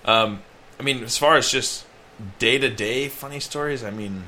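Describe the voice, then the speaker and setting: A man's voice: medium pitch, moderate pace, bright, forceful tone, a little hiss or hum. A young man co-hosting a podcast, telling a long rambling story in casual chat. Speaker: podcast co-host.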